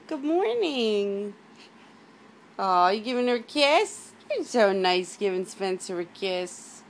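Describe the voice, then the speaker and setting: A woman at home using coaxing, sing-song baby talk with a toddler and the family cats, gasping with excitement now and then. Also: medium pitch, takes it slowly, slight background noise. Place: home, indoors.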